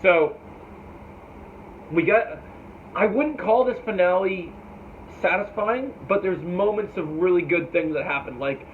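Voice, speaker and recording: Man, slightly high voice, rambling, profane review chat, thin phone-line audio, faint hiss. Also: measured pace, long pauses. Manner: rambling and profane, sometimes mimics characters. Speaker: TV show reviewer. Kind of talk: casual spoken review.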